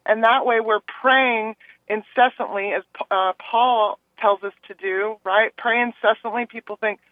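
A woman's voice: a little high, moderate pace, dry recording. Earnest woman caller on a phone line. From Texas. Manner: earnest, rambling, quoting others in animated asides. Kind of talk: call-in radio chat.

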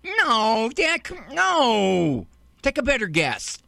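A man's voice: extremely high pitch, huge pitch swings, takes it slowly, gravelly, bright, forceful tone, no room sound, clean studio sound, voice pushed up, heavily acted. A man voicing an eager little boy who insists his dad listen to his joke. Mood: insistent. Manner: insistent, pleading for attention.

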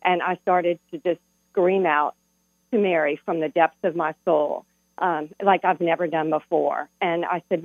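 A woman's voice: lowish voice, steady tone, unhurried, no echo. A middle-aged woman calling in to a radio show, telling a heartfelt personal story. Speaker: caller. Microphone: telephone. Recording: tinny phone line with hum.

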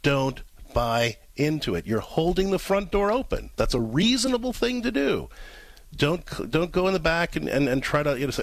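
Man, radio co-host, emphatic advice, very lively pitch, dry close sound. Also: normal speed, dry recording. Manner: emphatic, animated, acts out examples. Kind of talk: advice talk show.

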